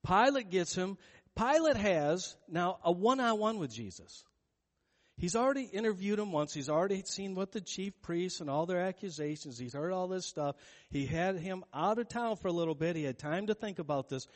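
A man's voice: sits high, lively intonation, moderate pace. A male pastor preaching a sermon in a casual, conversational way, retelling a story and acting out the quotes of its characters. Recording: long reverb of a large hall.

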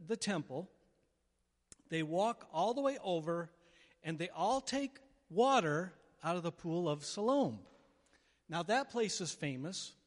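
A man with a high voice preaches with lively energy, slipping into character voices and building to loud peaks. His voice rings out with a long echo in a large church hall. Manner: animated preaching with sudden loud bursts and acted-out quotes. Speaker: pastor. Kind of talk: sermon.

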